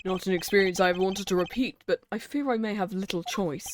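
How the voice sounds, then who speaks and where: A woman voicing a stiff, formal male prosecutor who speaks in a measured, dry way. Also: mid-range voice, a little hiss or hum, lightly acted. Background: faint game music.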